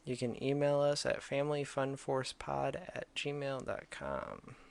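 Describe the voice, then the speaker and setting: A man's voice: medium pitch, sing-song, a little slow, creaky, a little mellow. A man co-hosting a casual podcast, joking and teasing his co-host.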